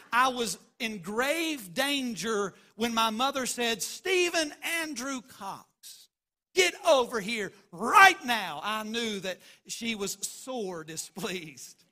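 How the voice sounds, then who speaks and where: A man's voice: sits high, pushed and bright. A man preaching a sermon as pastor, emphatic and driving points home by repeating phrases.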